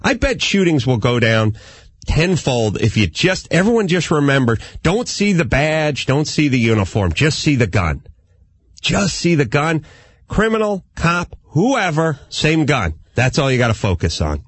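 A man hosting a comedic talk radio show, rambling and animated in his banter. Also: a little high, a little slow, slightly rough, no room sound. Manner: rambling, animated, slips into mock voices.

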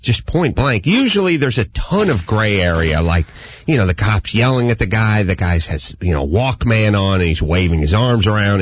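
A man with a slightly husky, gritty voice rants through a casual comedic talk show in a studio. His pitch swings widely as he jumps into high, yelping impressions of the people he describes. The sound is close and dry. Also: no echo. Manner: animated ranting, mimics people in high yelps.

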